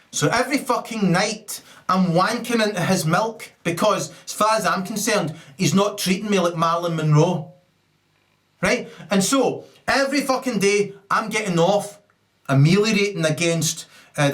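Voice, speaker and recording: A Scottish man delivering a profane stand-up rant, swinging between muttered asides and loud outbursts. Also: high-pitched. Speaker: stand-up comedian.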